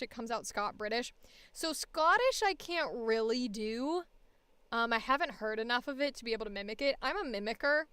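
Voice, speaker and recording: A woman's voice: a little high, a bit bright, clean tone, no room sound. Chatty, self-deprecating woman voice actor. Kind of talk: casual talk while recording an audition.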